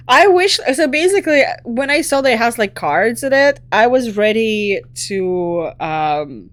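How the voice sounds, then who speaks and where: A young woman streaming a game, chatting casually and excitably, swearing and laughing often. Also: on the high side, slow pace, no echo. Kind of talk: casual gameplay chat.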